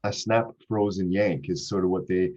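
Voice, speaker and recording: A middle-aged Canadian man with a Canadian accent joins a podcast as a guest over a video call from his home office. His low, darkish voice is fairly even and moderately paced, and he's cheerful, laughing often and speaking with many fillers and restarts. The call audio is dull and lo-fi.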